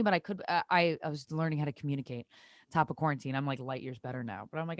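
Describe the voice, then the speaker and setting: Give me a woman, a slightly low voice, telling animated stories on a podcast with a dry close sound. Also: fast talker, no room sound. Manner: animated storytelling, acts out quoted voices, swears freely. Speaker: podcast guest. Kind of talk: casual podcast chat.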